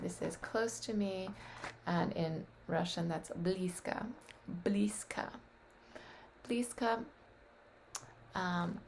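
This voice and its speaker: A woman on a webcam practicing vocabulary aloud, tentative and thinking out loud as she sounds out words. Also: lowish voice, slight background noise. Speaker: language learner practicing vocabulary. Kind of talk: casual solo practice on webcam. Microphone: webcam microphone.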